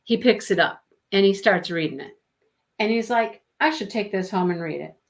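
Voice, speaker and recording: A woman's voice: medium pitch, animated, normal speed. Woman hosting a book club livestream, chatty storyteller, laughs a lot, reads out comments. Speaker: host of a live book discussion. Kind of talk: casual chat on a livestream.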